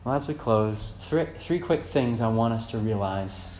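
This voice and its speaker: A man's voice: medium pitch, expressive, normal speed. Fervent preacher man in an echoey church. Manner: swings from loud fervent emphasis to soft quiet reflection. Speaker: pastor. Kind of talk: sermon. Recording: echoey church room with faint hum.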